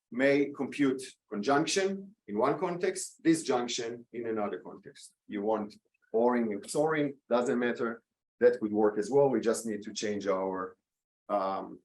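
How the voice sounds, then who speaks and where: A man giving an academic lecture at a conference, pausing with many "um"s, checking in with "okay?", and adding dry asides. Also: on the low side, a little mellow, poor audio. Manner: lightly sarcastic asides. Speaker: academic speaker.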